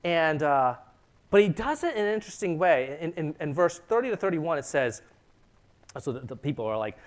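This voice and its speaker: A male pastor giving a casual, animated sermon, talking conversationally and acting out the voices of biblical figures. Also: a little high, normal speed. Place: church sanctuary.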